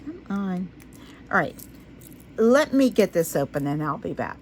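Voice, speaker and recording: Working on a resin craft project, this woman speaks to her audience in an unhurried, sing-song way, chatting casually. When she focuses, her self-talk sinks into low, quiet murmurs, and there's slight background noise.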